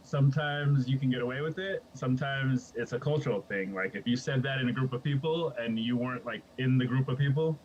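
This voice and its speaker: A man co-hosting a casual podcast who rambles through his ideas, laughs often and keeps asking "right?" as he goes. His voice sits at an ordinary middle pitch, with a faint hiss behind it. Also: brisk, few pauses, lo-fi sound. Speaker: podcast co-host. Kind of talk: casual chat.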